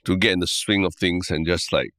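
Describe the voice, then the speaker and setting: Singaporean male podcast co-host, deep voice, dry close sound, laid-back chat. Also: steady tone, brisk, a bit bright, no room sound. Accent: Singaporean English. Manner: laid-back, frequent 'lah, right?' tags. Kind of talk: casual chat.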